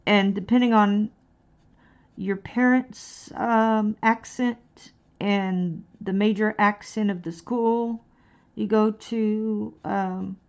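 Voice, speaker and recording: A woman's voice: medium pitch, fairly even intonation, slow, lo-fi sound. A woman from Dallas with a mild Texan accent, chatting casually and hesitantly with many fillers while painting on a livestream. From Dallas, Texas. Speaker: livestreaming artist.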